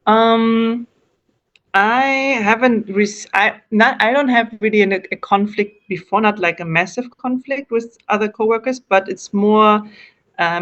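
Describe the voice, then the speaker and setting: A German woman answers interview questions in English with a German accent, her mid-range voice a bit bright on a muffled recording. Casual and hesitant, she often restarts and corrects herself as she explains.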